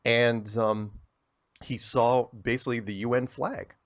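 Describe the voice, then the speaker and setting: At a medium pitch and a measured pace, a man tells a long story as an interview guest. His delivery is animated and rambling, with words repeated as sentences get started.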